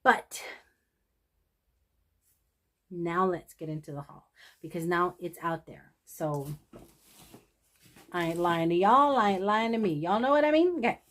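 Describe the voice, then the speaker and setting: A woman's voice: on the low side, normal speed, fairly bright tone. A woman vlogger talking casually to camera, candid, emotional and self-deprecating, addressing her viewers directly. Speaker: thrift haul vlogger. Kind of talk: casual confessional chat to camera.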